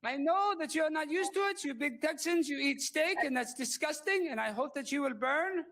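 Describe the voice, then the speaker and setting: A man's voice: very high-pitched, lively intonation, normal speed, fairly bright tone, heavily acted. A man doing an exaggerated put-on accent while ranting during public comment at a city council meeting. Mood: indignant ranting.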